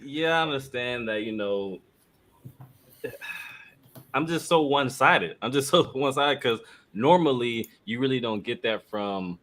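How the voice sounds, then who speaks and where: A man's voice: medium pitch, unhurried, long pauses, fairly bright tone. A man on a casual panel chat, speaking hesitantly and laughing at himself. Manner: hesitant, laughing self-consciously. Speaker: panel regular.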